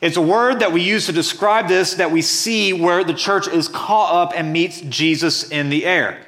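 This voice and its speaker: A man's voice: high voice, normal speed, fairly bright tone. A man preaching a sermon as pastor, reading scripture and explaining it earnestly and emphatically.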